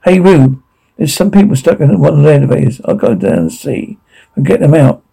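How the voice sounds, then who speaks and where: A man plays a maintenance worker in a film, calling out with urgent concern. The voice is gravelly and husky, with a dark, mellow tone. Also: fairly high pitch, sing-song, a little fast, heavily acted, rough recording. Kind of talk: film dialogue.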